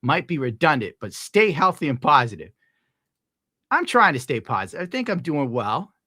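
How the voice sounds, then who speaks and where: A man's voice: mid-range voice, big pitch swings, normal speed, sharp tone, no echo, studio quality. A young man streaming live, reading out viewer tips and ranting casually with lots of swearing. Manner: profane, ranting, gets worked up. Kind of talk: casual livestream chat.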